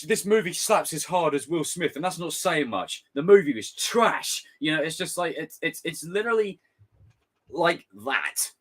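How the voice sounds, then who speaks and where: A young man ranting casually on a live stream, swearing freely and slipping into quick impressions. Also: on the high side. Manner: animated, swearing, jumps into impressions.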